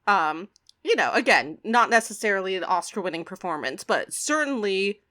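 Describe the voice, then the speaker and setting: A woman's voice: mid-range voice, animated, moderate pace, sharp tone. A woman co-hosting a podcast, chatting casually and ranting with swearing and frequent laughter. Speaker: podcast co-host.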